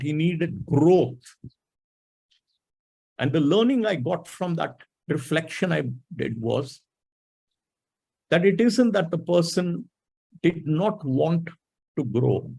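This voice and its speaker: His fairly high voice is creaky, dark-toned and slightly rough, captured on a rough recording. The middle-aged man is giving a webinar talk, reflectively telling a coaching story and acting out what others said.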